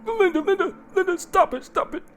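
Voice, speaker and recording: Terrified victim pleading, squealing falsetto, horror storybook. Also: male voice, a little fast, a bit bright, a little hiss or hum. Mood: panicked. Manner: panicked high-pitched begging. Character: terrified pleading man being attacked.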